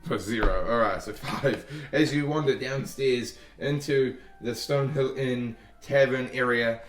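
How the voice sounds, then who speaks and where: A man's voice: mid-range voice, measured pace, background noise. A man narrating as dungeon master in a tabletop game, rambling loosely with frequent restarts. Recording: echoey room, far from mic.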